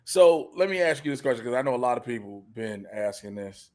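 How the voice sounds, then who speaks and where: A man chatting casually about a TV show, slangy and animated, often acting out scenes. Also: medium pitch, a little fast. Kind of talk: casual chat.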